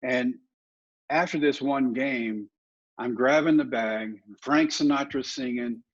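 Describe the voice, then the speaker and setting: A middle-aged man tells his stories with real animation, acting out the voices of the people in them. His voice has a husky grain to it. The recording is a little dull and lo-fi. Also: medium pitch, takes it slowly. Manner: animated anecdotes, acting out other people's lines. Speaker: guest, former ballplayer and motivational speaker. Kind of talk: casual storytelling in a podcast interview.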